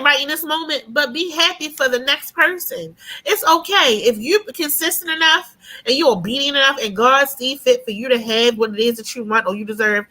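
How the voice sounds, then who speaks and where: Bright-voiced animated woman telling stories. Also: high-pitched. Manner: animated storyteller, often asks "you know what I mean". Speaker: guest. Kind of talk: casual podcast conversation.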